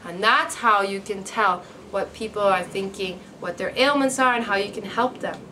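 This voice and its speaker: A woman's voice: medium pitch, moderate pace, sharp tone, a little hiss or hum. A woman teacher retelling a story for English learners, acting out the dialogue and checking in with "okay?" and "right?".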